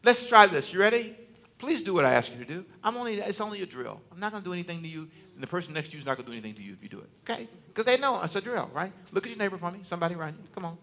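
A man's voice: sits high, lively intonation, rapid-fire, vocal fry, pushed and bright. A male preacher giving a conversational, joking sermon to a church congregation, teasing and talking directly to them.

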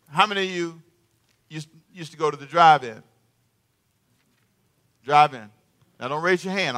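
A man preaching a sermon in church, telling stories with jokes and acting out the characters. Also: on the high side. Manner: animated storytelling, acts out the king and Haman; jokes with the congregation and laughs. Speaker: pastor.

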